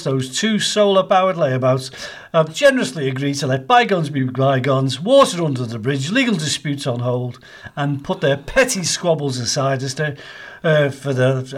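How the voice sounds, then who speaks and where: A man co-hosting a podcast at home, rambling through jokey mock-grand introductions in casual chat. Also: a little high. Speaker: podcast co-host.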